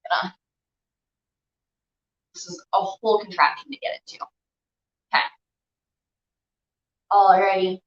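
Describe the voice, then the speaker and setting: Here the young woman coaching a live stretching class talks in a mid-range voice with little pitch movement, unhurried and pausing often. Chatty and encouraging with lots of fillers, she's out of breath while stretching, captured in an echoey room with dull, lo-fi audio.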